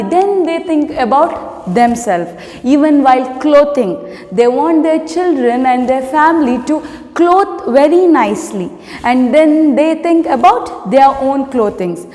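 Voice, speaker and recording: Slow, careful Indian teacher. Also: female voice, sits high, a little mellow. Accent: Indian English. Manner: slow, deliberate reading with repeated instructions. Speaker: primary school teacher. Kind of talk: online class reading lesson aloud.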